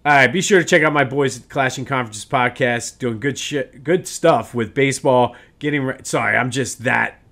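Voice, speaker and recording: Male sports podcast host, mid-pitch, agitated rant, stumbling restarts. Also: moderate pace, hardly any pauses, fairly bright tone. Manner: worked-up ranting with restarts. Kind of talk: casual solo sports podcast.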